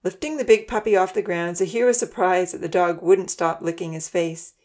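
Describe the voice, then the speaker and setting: A woman reads a children's storybook aloud with a gentle, steady manner. Her voice sits on the low side. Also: fairly quick. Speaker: narrator. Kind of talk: storybook narration.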